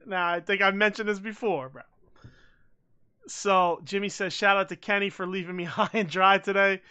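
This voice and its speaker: A man co-hosting a casual podcast, rambling and excitable, swearing freely and saying bro a lot. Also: high voice, normal speed, clean tone. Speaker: podcast co-host. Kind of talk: casual chat.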